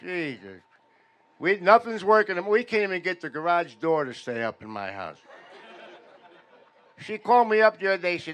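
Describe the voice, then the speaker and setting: A man doing a stand-up comedy set in a veterans' hall, telling deadpan stories that build louder toward each punchline. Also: sits high, normal speed, pauses often, clean tone, some chatter behind. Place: veterans' hall function room.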